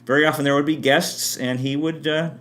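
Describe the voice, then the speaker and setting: A man's voice: fairly high pitch, fairly even intonation, fairly quick, fairly bright tone. A man giving an unscripted history talk with spiritual asides, often restarting and correcting himself mid-sentence. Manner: rambling, frequent restarts and self-corrections. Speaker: history presenter.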